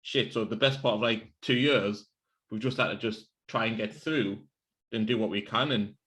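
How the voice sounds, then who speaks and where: A podcast co-host with a lowish, slightly bright voice talks at a normal speed while sharing beers on a casual show. He tells rambling stories packed with "like" fillers and swears freely.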